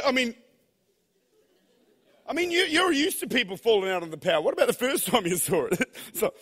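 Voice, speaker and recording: A man preaching a sermon in a large church hall, telling stories in a lively, animated way that swings from hushed to shouting. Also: extremely high pitch, fairly quick, long pauses, husky. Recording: long hall reverb.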